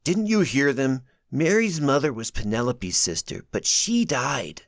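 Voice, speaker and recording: A man's voice: medium pitch, very animated, a little slow, no echo, clean studio sound, voice pushed up. A man voicing a young boy who explains things earnestly. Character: young boy, matter-of-fact.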